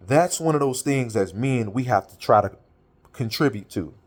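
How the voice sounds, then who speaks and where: A man's voice: mid-range voice, animated, moderate pace. A middle-aged man speaking straight to viewers, telling a story in loose, colloquial speech and acting out what he and his friend said. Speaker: motivational talker. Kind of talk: casual monologue.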